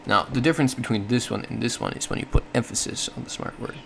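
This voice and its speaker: A man's voice: mid-range voice, quick pace, vocal fry, a little hiss or hum. A man giving a casual explanatory monologue, thinking aloud with frequent self-corrections and small laughs. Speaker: solo podcast host.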